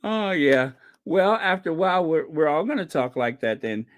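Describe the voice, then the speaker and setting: A man hosting a casual commentary stream, chatting loosely with many fillers and restarts. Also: fairly high pitch. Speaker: channel host. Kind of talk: casual commentary to a live chat.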